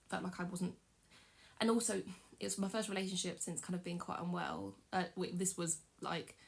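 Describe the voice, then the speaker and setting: A young woman tells her personal story in a vlog, emotional and halting, pausing to breathe and steady herself. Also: fairly low pitch, creaky. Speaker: vlogger.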